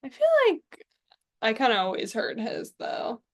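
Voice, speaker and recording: A woman's voice: fairly high pitch, animated, measured pace. A young woman co-hosting a casual podcast chat, laughing often and trailing off into mumbles. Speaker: podcast co-host.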